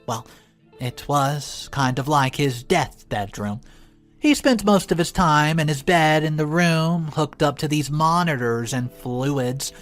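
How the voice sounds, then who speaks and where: A woman telling a first-person story aloud, expressive, her voice jumping up for quoted lines. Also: sits low, slow, soft background music.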